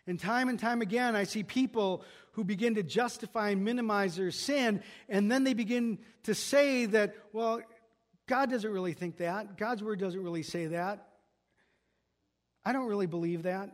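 A man's voice: high-pitched, normal speed. A pastor preaching an earnest expository sermon, often restarting and repeating words as he works through a passage.

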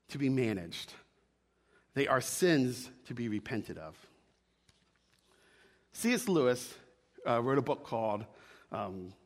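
A man's voice: medium pitch, fairly bright tone, long reverb tail. A man preaching a sermon, emphatic, repeating his key lines and checking in with "right?". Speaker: pastor.

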